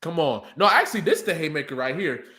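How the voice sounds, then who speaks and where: Man, battle rapper, casual reaction commentary, high lively voice. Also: quick pace. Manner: excitable, hypes up lines, breaks into shouts and laughs. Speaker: battle rapper breaking down diss tracks.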